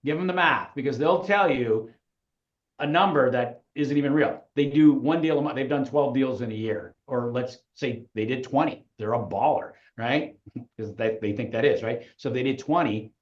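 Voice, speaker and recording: A man's voice: mid-range voice, moderate pace, roomy sound, muffled recording. A man coaching real estate recruiters in a live webinar, with an emphatic, punchy delivery.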